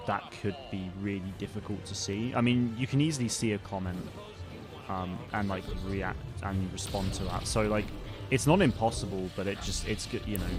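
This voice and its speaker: A young man hosting a live stream, chatting casually with viewers in a rambling way, full of fillers and restarts. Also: fairly low pitch. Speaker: streamer and channel host. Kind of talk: casual live-stream chat reading comments.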